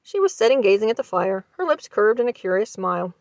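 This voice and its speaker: A woman narrating a short story aloud for a library series, with a measured, expressive reading style. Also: medium pitch, no echo.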